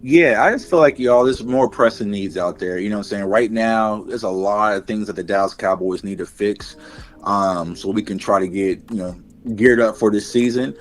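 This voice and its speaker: Man, podcast co-host, low voice, steady, reflective, lots of fillers. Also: moderate pace. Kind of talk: casual chat.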